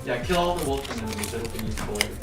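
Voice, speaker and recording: A woman chattering excitedly about a video game to someone nearby. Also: rumbling low, very fast, reverberant, music in the background. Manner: excitable, talks to someone else.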